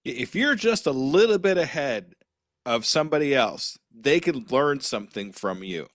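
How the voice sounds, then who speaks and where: A man hosting a podcast interview, chatting casually with a self-deprecating, lively manner. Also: mid-range voice, moderate pace, dry recording, clean studio sound. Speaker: podcast host.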